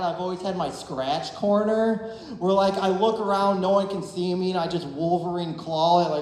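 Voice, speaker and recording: A man in his thirties from Ohio, performing a stand-up set with deadpan, self-deprecating punchlines. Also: sits high, normal speed. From Ohio, USA. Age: 30s. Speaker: stand-up comedian. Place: comedy club stage. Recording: very roomy, long reverb of a club.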